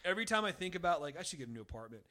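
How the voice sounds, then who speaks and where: Fast-talking bright-voiced man hosting a podcast. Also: high voice, very animated. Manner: rambling, profane, laughs through his stories. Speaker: podcast host. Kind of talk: casual podcast banter.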